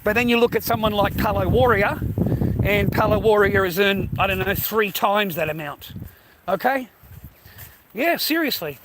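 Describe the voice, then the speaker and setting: A man's voice: high voice, normal speed, very noisy. An Australian man ranting bluntly in casual talk to his viewers, repeating himself and calling them "mate". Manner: blunt, repetitive, ends phrases with "mate". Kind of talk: casual rant to camera.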